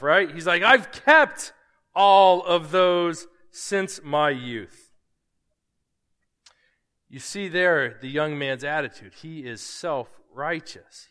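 High, bright-voiced preaching man. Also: long reverb tail. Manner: emphatic preaching with rhetorical questions. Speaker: pastor. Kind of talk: sermon.

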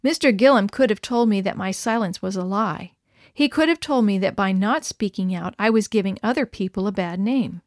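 Woman narrator for a children's story, animated reading, dry booth sound. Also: medium pitch, normal speed, no room sound. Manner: expressive, lively reading of dialogue.

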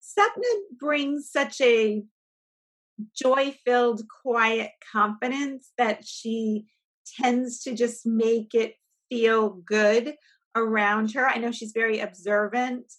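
A woman's voice: fairly high pitch, steady tone, takes it slowly. A woman co-hosting a podcast as a coach, talking in an earnest, encouraging way and often repeating words. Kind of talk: casual podcast chat.

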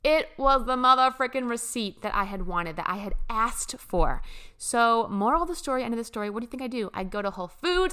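Bright, gushing young woman. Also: fairly high pitch, animated, brisk, clear, resonant tone. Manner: gushing, emphatic, swears casually, laughs often. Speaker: spiritual vlogger. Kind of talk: casual spiritual storytelling.

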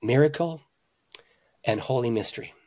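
A man, a pastor and author, telling stories in an interview with animated emphasis, swinging between loud, excited lines and hushed ones. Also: mid-range voice, moderate pace. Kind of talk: conversational storytelling.

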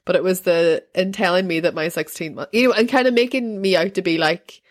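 A woman's voice: fairly low pitch, a little fast. A woman who is a mother of a toddler, telling a story in casual chat. She talks in a rambling, filler-heavy way and laughs often. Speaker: podcast co-host, mother of a toddler.

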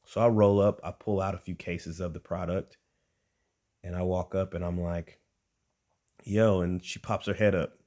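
A young man telling a comic personal story, animated and chatty, talking straight to his listeners. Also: deep voice, moderate pace. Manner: animated, conversational, addresses listeners directly. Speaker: storyteller and podcast host.

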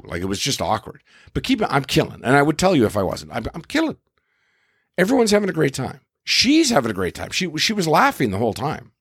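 A man's voice: medium pitch, wildly swooping pitch, brisk, fairly bright tone, slightly rough, no echo, studio quality. A middle-aged man, a comedian and podcast host, telling a story in a casual, exasperated way and swearing now and then.

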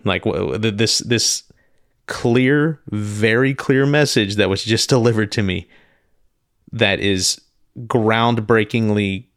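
Halting, emotional man with a low voice. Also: dry recording, clean studio sound. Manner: halting, repeats words, emotional and earnest. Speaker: podcast host. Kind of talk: personal storytelling podcast.

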